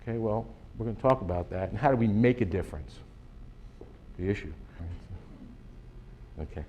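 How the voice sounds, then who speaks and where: A man's voice: fairly low pitch, animated, moderate pace, dark tone, lo-fi sound, slight background noise. A man giving a conference lecture, emphatic and sarcastic, asking rhetorical questions. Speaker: conference speaker. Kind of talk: lecture presentation. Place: conference hall.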